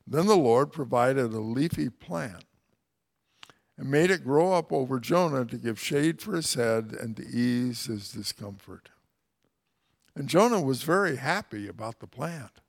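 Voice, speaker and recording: A man's voice: medium pitch, animated, unhurried, creaky. A man teaching through a Bible passage in a conversational way, with wry, folksy asides.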